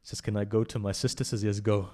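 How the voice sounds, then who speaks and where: Speaking fast in a level tone, a man recites with passion at a mourning gathering held in a religious centre's hall. He rises to loud cries, sinks low again, and repeatedly asks the audience direct questions.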